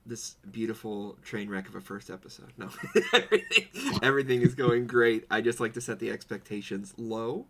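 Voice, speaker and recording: A man's voice: on the low side, fairly even intonation, fairly quick, vocal fry, hardly any pauses, slight background noise. A man co-hosting a podcast in casual chat, telling stories with goofy put-on quotes. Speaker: podcast co-host. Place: home streaming setup.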